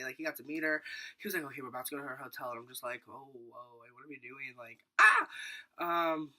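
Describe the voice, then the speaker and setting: A teenage boy telling a rambling storytime vlog, full of fillers and acted-out quotes. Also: a little high. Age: teens. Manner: rambling, filler-heavy, animated retelling. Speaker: vlogger.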